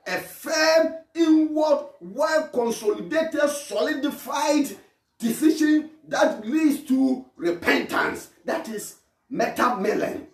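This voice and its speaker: A man preaching an impassioned sermon, repeating his phrases and shouting calls to repent. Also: very high voice. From Ghana. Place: church hall. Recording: echoey hall from far off.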